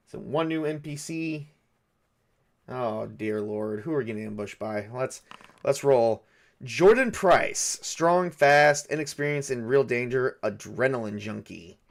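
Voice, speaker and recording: Sex: man. Role: solo game master. Style: narrating a tabletop game. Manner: muses aloud, hesitant, full of fillers. Pitch: middling. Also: vocal fry.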